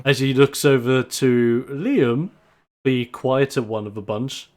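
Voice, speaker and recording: A man's voice: medium pitch, steady tone, slow pace, a little mellow. A man narrating a tabletop game as game master in a rambling way. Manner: rambling, with fillers.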